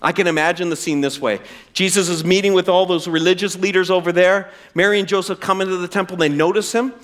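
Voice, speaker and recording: A man's voice: sits high, fast talker. A male pastor preaching a sermon with humor, talking directly to the congregation. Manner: animated, humorous, direct address.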